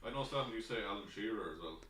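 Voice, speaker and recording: Low fast-talking man off-mic. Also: lively intonation. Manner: brief, dry replies from off to the side. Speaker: co-host. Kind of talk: casual chat. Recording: quiet voice from far off mic.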